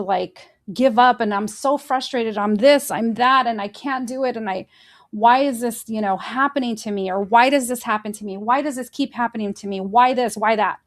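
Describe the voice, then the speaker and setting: On her faith-based motivational podcast, the host addresses her audience directly, earnest and encouraging, and leads them gently through breathing exercises. Her voice is a little high and her pace moderate.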